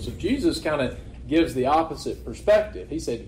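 A man's voice: on the high side, expressive, normal speed, a little mellow, a little hiss or hum. Conversational male preacher in echoey church. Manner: conversational, asks rhetorical questions. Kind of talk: sermon. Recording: echoey room.

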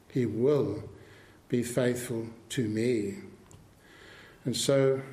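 Male preacher, slow and measured, emphatic sermon delivery, echoey church room. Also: mid-range voice, darkish tone.

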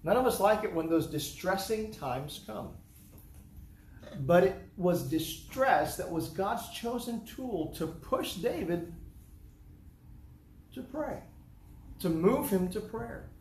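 A man's voice: high voice, lively intonation, slow pace, long pauses, a little mellow. A man from the United States preaching a sermon in earnest, repeating his points in rhetorical lists. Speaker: pastor. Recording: echoey room, faint background noise.

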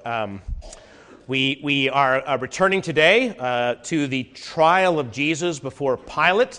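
A man pastor delivering an earnest sermon to his congregation, his pitch and loudness swinging widely as he preaches. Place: warm, crowded church hall. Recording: reverberant hall.

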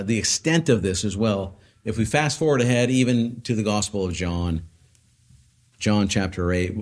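A man preaching an expository sermon, explaining a passage and often checking in with tag questions and fillers. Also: fairly low pitch.

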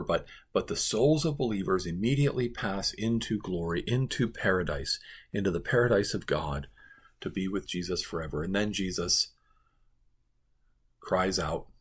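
Male pastor, low husky voice, earnest devotional teaching, emphatic repetition. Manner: earnest, emphatic, repeats phrases for stress.

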